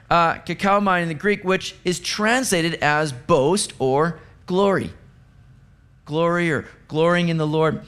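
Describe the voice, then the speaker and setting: High-voiced man preaching a sermon. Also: a bit bright. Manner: conversational preaching with asides and light sarcasm. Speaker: pastor.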